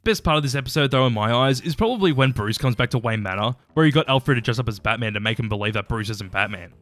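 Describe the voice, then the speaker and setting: A man's voice: medium pitch, lively intonation, fast, fairly bright tone, soft background music. A man giving a casual, opinionated episode-by-episode review, chatty and sometimes swearing. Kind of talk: casual commentary ranking episodes.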